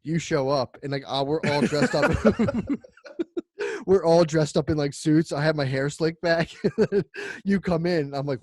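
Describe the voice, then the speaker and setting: A man's voice: fairly high pitch, a little slow, a little mellow, no room sound, studio quality. A man co-hosting a casual comedy podcast, rambling through an invented story and acting out little scenes with frequent laughter. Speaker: podcast co-host.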